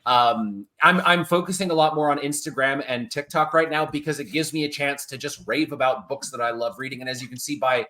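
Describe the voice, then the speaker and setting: A man's voice: mid-range voice, fairly quick, few pauses. A man as a guest author on a podcast recorded over a video call, talking casually and emphatically. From French Canadian family name. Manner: animated, emphatic advice-giving.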